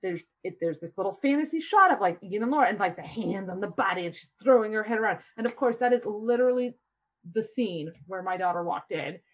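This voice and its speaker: Animated woman retelling a film scene. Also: mid-range voice, a little fast. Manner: animated storytelling, acting out scenes. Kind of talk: casual chat about a film. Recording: dull lo-fi sound.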